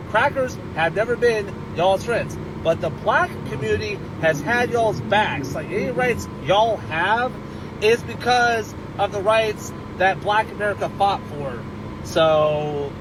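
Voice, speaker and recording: A man's voice: high voice, background noise. A man giving a blunt, casual ranting monologue with many fillers, as a social media commentator.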